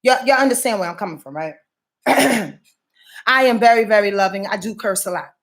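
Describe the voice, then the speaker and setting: A woman's voice: mid-range voice, animated, fairly quick. A woman, giving a casual astrology rundown in an emphatic, profane, preachy way that repeats phrases. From New York.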